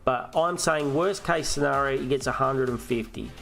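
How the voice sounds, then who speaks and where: Australian male streamer, gravelly mid voice, casual, ranty and profane. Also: mid-range voice, normal speed, fairly bright tone, soft background music. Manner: ranting and swearing, with frequent restarts. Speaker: host of a fantasy football live stream. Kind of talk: casual live-stream chat.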